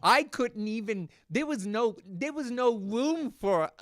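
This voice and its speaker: A man's voice: very high voice, lively intonation, slow pace, a bit bright, dry recording, clean studio sound. A man who is a guest on a radio show, teasing and ribbing the host in casual chat.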